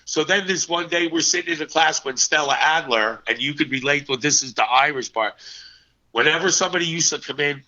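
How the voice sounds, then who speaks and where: Bright-voiced New man telling stories. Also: medium pitch. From New Jersey, US. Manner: animated anecdotes with quoted voices. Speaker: actor guest. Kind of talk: casual storytelling interview. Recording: muffled lo-fi audio.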